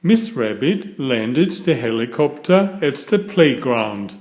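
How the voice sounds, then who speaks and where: A man reading a children's picture book aloud, with a slow, expressive delivery. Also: mid-range voice. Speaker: storybook reader. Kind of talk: children's story read aloud.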